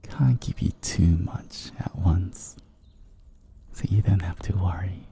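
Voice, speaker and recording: A man streaming a whispered ASMR stream, teasing the listeners in a soft, playfully domineering whisper that moves around a binaural mic. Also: low-pitched, takes it slowly, gravelly. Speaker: VTuber streamer.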